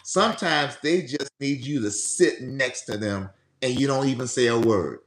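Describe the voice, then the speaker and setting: A man's voice: medium pitch, moderate pace, echoey room. A man telling stories in casual conversation, acting out the people he quotes. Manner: animated storyteller who acts out quoted people. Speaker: guest on grief.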